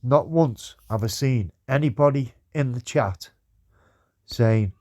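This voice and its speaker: A man's voice: mid-range voice, lively intonation, measured pace, a little mellow. Pleading man lecturing a streamer. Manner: pleading, says "mate" again and again. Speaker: livestream commentator. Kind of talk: earnest livestream lecture.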